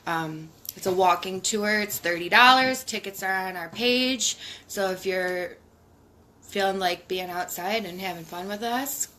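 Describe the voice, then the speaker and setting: A woman's voice: medium pitch, bright, forceful tone. A woman co-hosting a live online paranormal show, chatting casually and rambling with fillers. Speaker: co-host. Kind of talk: casual live-stream chat. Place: hot apartment.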